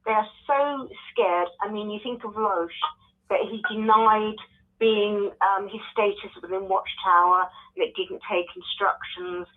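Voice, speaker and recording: A woman's voice: medium pitch, measured pace. A woman from the UK with a British accent calling in, giving blunt, opinionated comments. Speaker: caller. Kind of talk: phone-in comment. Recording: tinny phone line.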